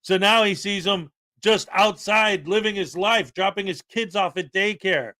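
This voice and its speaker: A man's voice: high voice, measured pace, sharp tone, dry recording. A man co-hosting a casual commentary show, explaining a court case in an opinionated, conversational way. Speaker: co-host.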